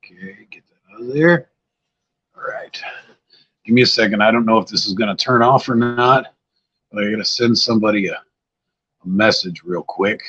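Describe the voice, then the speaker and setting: A man's voice: lowish voice, normal speed, long pauses, a bit bright, husky, dull audio. An older man hosting a casual livestream, tired and a bit scatterbrained, chatting loosely with viewers. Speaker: livestream host. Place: outdoors-like spot at home.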